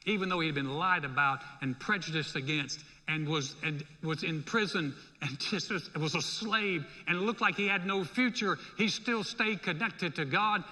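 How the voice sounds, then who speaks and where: Male pastor, high bright voice, lively conversational sermon, long hall reverb. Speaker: senior pastor. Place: church sanctuary.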